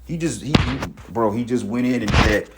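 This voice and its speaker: A man's voice: medium pitch, normal speed, heavy background noise. A man reading news stories aloud and commenting between them in a rambling, profane, streetwise way, often repeating and restarting his words.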